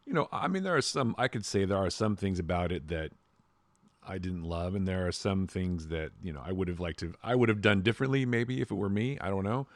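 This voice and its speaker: A man's voice: deep voice, lively intonation, a little fast, no echo. A man co-hosting a podcast, chatting casually with rambling, hedged opinions. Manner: musing, rambling, hedging opinions. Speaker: podcast co-host. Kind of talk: casual chat.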